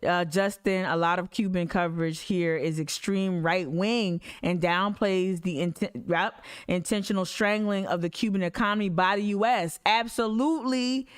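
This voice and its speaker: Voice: medium pitch, fairly even intonation, normal speed, few pauses, clear, resonant tone, dry recording, clean studio sound. An activist commentator, reacting to news clips in emphatic casual talk, often restarting sentences. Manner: emphatic, with many restarts and asides.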